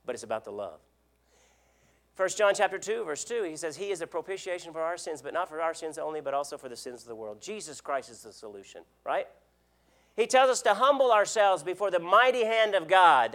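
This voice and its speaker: A man preaching a sermon as an elder, earnest, repeating words and asking the congregation questions. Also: high voice. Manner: swings between loud emphasis and quiet drops.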